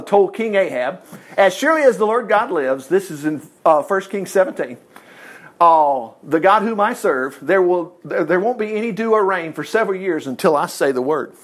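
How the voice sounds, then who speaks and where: A pastor delivers a folksy sermon. His voice is fairly high and swoops widely in pitch. He keeps switching between loud bursts of emphasis and hushed, confiding asides. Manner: animated, folksy, swings from loud exclamations to quiet asides.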